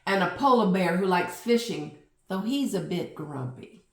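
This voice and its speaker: A woman's voice: on the low side, lively intonation, measured pace, recorded from a distance. A woman voicing a playful, teasing old grandmother in a storybook read-aloud. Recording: roomy echo.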